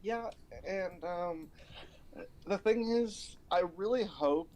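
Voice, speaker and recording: A man's voice: high voice, slow pace, a little hiss or hum, poor audio. A man co-casting a video game match who keeps his voice down so a roommate can sleep. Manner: talks quietly to avoid waking a roommate. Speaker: esports co-caster. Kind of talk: casual esports commentary.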